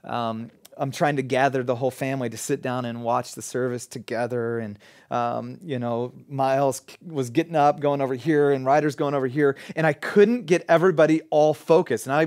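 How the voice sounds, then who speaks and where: A middle-aged pastor giving an earnest, animated sermon in a conversational style, full of everyday examples. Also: male voice, fairly high pitch.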